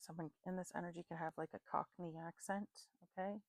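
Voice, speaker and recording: A woman's voice: on the low side, steady tone, fairly quick, dry recording. A tired woman giving a casual psychic reading, free-associating names and places and chuckling at her own slips. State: tired, sleepy. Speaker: psychic reader.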